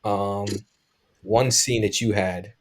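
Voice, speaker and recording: A man hosting a podcast, asking guests questions in a relaxed, playful way. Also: lowish voice, slow pace. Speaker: podcast host. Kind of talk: casual interview questions.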